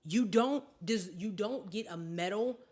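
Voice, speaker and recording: A woman's voice: medium pitch, unhurried, darkish tone. A woman co-hosting a podcast in casual chat, blunt and emphatic, swearing freely. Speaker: podcast co-host.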